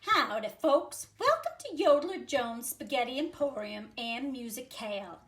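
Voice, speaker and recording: A woman's voice: sits high, big pitch swings, normal speed, fairly bright tone. A woman voicing a talkative dog restaurant owner in a put-on Southern US accent, reading a picture book aloud. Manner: folksy storytelling drawl.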